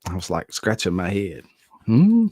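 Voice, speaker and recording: A man's voice: low-pitched, unhurried, dry recording. A middle-aged man hosting a casual livestream, greeting viewers by name and chuckling often. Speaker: livestream host. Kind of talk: casual chat reading viewer comments.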